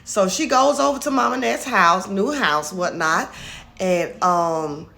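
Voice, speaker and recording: Bright-voiced woman casually recapping skits. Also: medium pitch, expressive, slow, creaky. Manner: chatty, retells scenes by acting out quotes.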